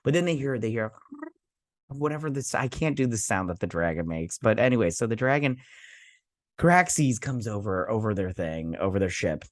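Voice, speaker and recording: A man with a fairly low voice talks through a TV episode in a loose, rambling recap, full of fillers and offhand swearing. The sound is dry and close, with no room around it. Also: animated, moderate pace, no echo. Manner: rambling, chatty, with frequent fillers and mild swearing. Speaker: show host reviewing a TV episode. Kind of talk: casual episode recap and review.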